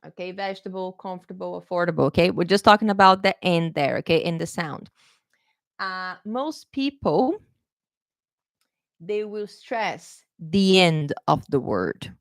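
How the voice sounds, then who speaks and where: A woman's voice: fairly low pitch, no room sound, clean studio sound. Chatty woman teaching pronunciation live. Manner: chatty, repeats "okay?" often, self-correcting. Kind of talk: live online lesson.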